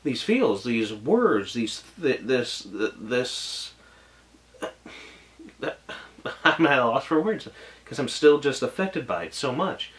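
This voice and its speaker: A man's voice: mid-range voice, very animated, slow pace, pauses often, a bit bright. Gushing, rambling male anime reviewer. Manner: gushing and emotional, rambling with many restarts. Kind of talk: casual spoken episode review.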